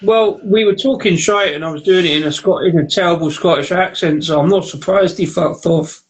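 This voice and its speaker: A man's voice: fairly high pitch, steady tone, fairly quick, low-quality recording. A man co-hosting a beer review livestream, joking around, reading viewer comments and describing beers. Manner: jokey, banters and reads out viewer comments. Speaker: co-host of a beer review show. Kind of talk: casual chat and beer tasting on a livestream. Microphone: home setup on a live video stream.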